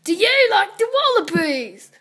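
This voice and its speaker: Girl doing a loud pushy singer lady, high voice, nags the same question over and over. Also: steady tone, brisk, natural voice. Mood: pushy, shouting. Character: pushy shouting wallaby-obsessed female singer.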